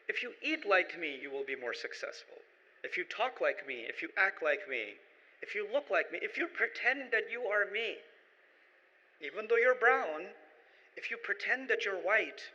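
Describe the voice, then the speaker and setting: A man giving an emphatic sermon-style lecture, using rhetorical repetition and building to forceful peaks. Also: sits high. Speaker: Islamic lecturer. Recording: echoey hall, dull lo-fi sound.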